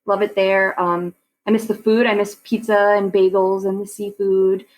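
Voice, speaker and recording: A woman's voice: medium pitch, level tone, normal speed, darkish tone, poor audio. A woman in her forties from Long Island, guest on a podcast, chatting casually and laughing often. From Long Island, New York. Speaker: real estate agent, podcast guest. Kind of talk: casual interview chat.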